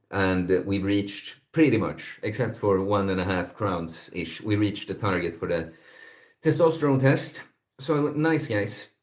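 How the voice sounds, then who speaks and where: A man from Sweden, chatting casually on a livestream, rambling and hesitant with lots of fillers. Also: fairly low pitch. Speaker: streamer, fitness content creator.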